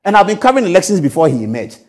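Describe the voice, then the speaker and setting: A man's voice: high voice, very animated, rapid-fire, a little mellow. A middle-aged man hosting a TV talk show, giving emphatic political commentary full of rhetorical questions. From Ghana.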